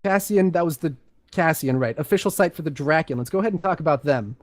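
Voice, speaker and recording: Male host, casual voice chat, fairly high voice, dry close sound, headset. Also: fast talker, no room sound. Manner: relaxed, organizing volunteers. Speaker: host of a lore reading.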